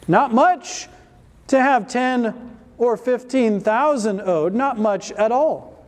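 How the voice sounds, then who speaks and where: A man's voice: extremely high pitch, very slow, long pauses, in a large hall. A man preaching a sermon as pastor, driving his points home with rhetorical questions and rising emphasis.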